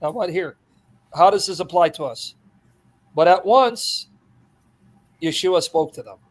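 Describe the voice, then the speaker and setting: A man preaching an expository sermon, animated and laughing as he acts out the scenes. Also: sits high, measured pace.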